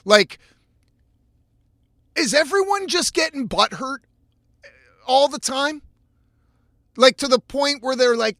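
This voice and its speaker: A man's voice: very high-pitched, animated, slow pace, pauses often, pushed and bright, dry recording, studio quality. A man hosting a casual solo podcast from inside his van, ranting with lots of swearing and restarts. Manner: profane, exasperated ranting with frequent restarts. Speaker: podcast host.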